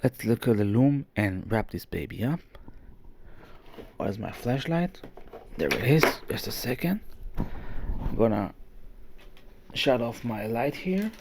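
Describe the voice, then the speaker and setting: A man's voice: mid-range voice, very animated, slow, long pauses, a little mellow, slight background noise. A man hosting a casual show-and-tell vlog indoors at home, talking with rambling enthusiasm and plenty of fillers and restarts. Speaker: watch vlogger.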